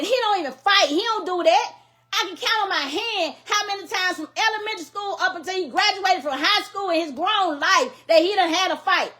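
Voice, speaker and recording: A woman's voice: extremely high pitch, sharp tone. A middle-aged mother making an impassioned public plea, grieving and angry, speaking in emphatic, repetitive, scolding bursts. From Louisiana, US.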